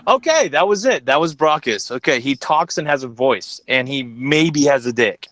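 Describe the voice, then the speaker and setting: A man's voice: medium pitch, animated, moderate pace, a bit bright, no echo. A man hosting a casual stream chat, joking and rambling as he introduces his guests. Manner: joking, rambling, swears freely. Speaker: host.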